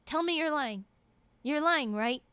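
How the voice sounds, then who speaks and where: A woman's voice: high voice, lively intonation, measured pace, a bit bright, no room sound. A woman voicing a chatty young woman who feels betrayed by someone she trusted, read aloud in a story. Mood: hurt, angry. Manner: chatty, turns bitter. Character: young woman, friendly, then betrayed and angry.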